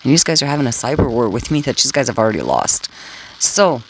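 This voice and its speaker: A woman talks in a low, gravelly voice full of vocal fry. She rambles in a crude, taunting way, throwing tag questions at her listeners. A faint hiss sits under her voice. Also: sing-song, quick pace, rough recording. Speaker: scanner livestreamer talking to listeners. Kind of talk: rambling casual monologue.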